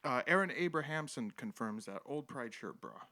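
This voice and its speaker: A man's voice: mid-range voice, expressive, moderate pace, pushed and bright. A man hosting a live stream, casually commenting on old footage and reading chat aloud in an irreverent, rambling way. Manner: irreverent, rambling, chuckles often.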